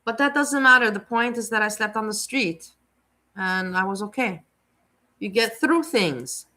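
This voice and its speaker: Blunt mocking woman commentator, bright voice. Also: medium pitch, measured pace. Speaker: commentary host. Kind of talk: reaction commentary on a clip.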